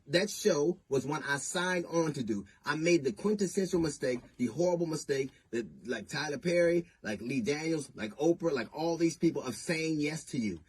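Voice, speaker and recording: A middle-aged man, a comedian, giving a deliberate, emphatic public statement that builds to indignation. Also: mid-range voice, slightly rough. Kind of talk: public statement answering accusations.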